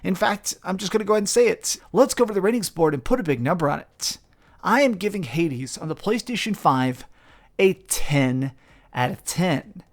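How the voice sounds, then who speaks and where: A man's voice: sits high, normal speed. Enthusiastic young man reviewing games. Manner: enthusiastic, gushing, animated. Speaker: game reviewer and channel host. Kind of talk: excited casual review and unboxing vlog.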